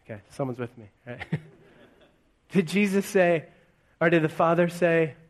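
Conversational male pastor preaching, slightly high. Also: animated, measured pace, slight background noise. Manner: conversational, full of rhetorical questions. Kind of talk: sermon. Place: church in front of a congregation.

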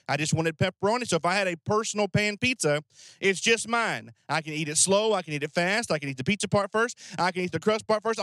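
A man's voice: on the high side, fairly bright tone, dry recording. A man preaching a conversational sermon, acting out voices of the people in the story. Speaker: pastor.

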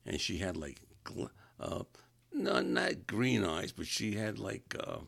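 A man with a low, gravelly voice tells personal anecdotes in a casual, rambling way. His pitch swings widely as he animates the story, and he often stops to correct himself. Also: huge pitch swings, slow, a bit bright, dry recording. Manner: rambling, self-correcting, chuckling.

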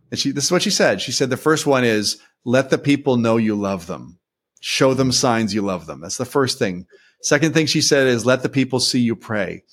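A man hosting an interview, talking enthusiastically and telling stories in long rambling sentences. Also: fairly low pitch. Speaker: podcast host, former seminary teacher. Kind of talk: interview talk.

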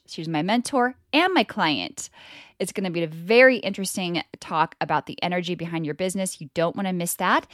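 A woman's voice: medium pitch, no echo, clean studio sound. A middle-aged woman from California hosting her own podcast, talking in a bubbly, chatty way with laughs. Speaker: podcast host. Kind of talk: casual solo podcast monologue.

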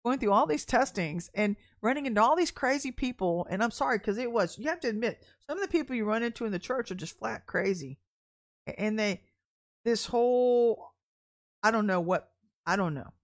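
A woman's voice: medium pitch, lively intonation, brisk. A woman preacher, telling a personal story in a candid, chatty sermon and laughing often. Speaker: deliverance minister.

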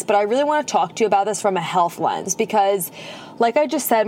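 At night in a parked car, a woman hosts a casual podcast, talking bubbly and chatty into a phone propped up in front of her. She's a holistic nutritionist with a mid-range, darkish voice, and there's a little hiss or hum.

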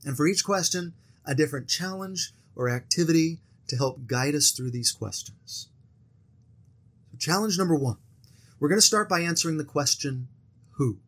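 A man with a slightly husky, somewhat raised voice, teaching a scripture lesson. He speaks earnestly and draws his points out with little stories. His manner is warm-toned from the content alone, not from the sound. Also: fairly high pitch, lively intonation, moderate pace. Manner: earnest, storytelling with acted quotes. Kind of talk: lesson presentation.

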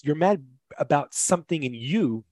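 A man's voice: a little high, lively intonation, normal speed, warm tone, no echo. Casual man saying "like" a lot. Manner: casual, thoughtful, heavy use of "like". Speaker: podcast guest and father. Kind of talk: casual conversational podcast.

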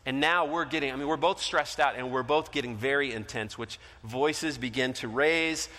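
A middle-aged male pastor preaching a sermon, telling a story and acting out the voices in it, swinging between loud and soft. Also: medium pitch, normal speed. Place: large church hall. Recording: long hall reverb.

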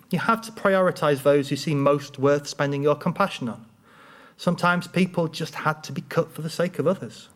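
Male storyteller, dry wit, deadpan delivery, slightly high voice. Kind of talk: humorous personal storytelling.

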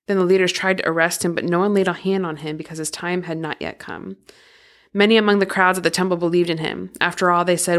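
A woman reads scripture aloud at a steady, measured pace. Her voice sits somewhat low for a woman. She narrates plainly, as a podcast co-host.

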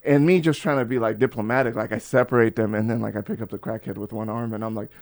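With a lowish voice and a quick pace, a forty-something man tells casual stories as a podcast guest. He curses a lot, stays animated, and imitates the people in his anecdotes.

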